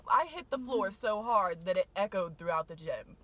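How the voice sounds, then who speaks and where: A woman's voice: medium pitch, animated, normal speed. Outgoing young woman. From North Carolina, US. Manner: outgoing, loud, laughs a lot. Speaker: guest friend. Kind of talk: casual chat. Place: local restaurant.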